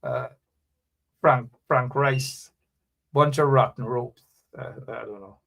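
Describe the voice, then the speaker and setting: A radio show host with a mid-range voice and vocal fry speaks slowly on his live political talk program. He gets animated and preachy as he reads viewer comments, calls out names, and repeats phrases to push his listeners.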